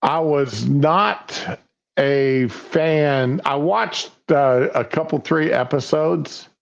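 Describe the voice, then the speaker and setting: A man co-hosting a casual live stream chat, talking slowly and haltingly with restarts. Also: fairly high pitch, gravelly. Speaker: co-host. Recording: dull lo-fi audio.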